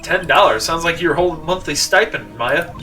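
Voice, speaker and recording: A man's voice: fairly high pitch, expressive, normal speed, pushed and bright. A man voicing a wry young lawyer with dry, sarcastic wit, reading game dialogue aloud. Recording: distant mic with game music.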